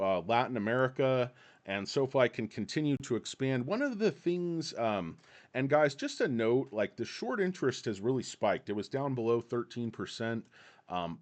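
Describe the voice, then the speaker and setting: A man hosting casual stock commentary, reading an article aloud and rambling off into joking asides. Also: mid-range voice.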